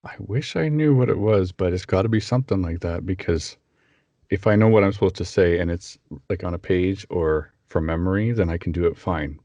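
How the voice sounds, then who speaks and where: A man with a naturally very low voice, a voice actor chatting as a guest, sometimes stumbling over his words. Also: a little fast, dark tone, no echo. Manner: stumbles over words when talking off the cuff. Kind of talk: casual podcast conversation.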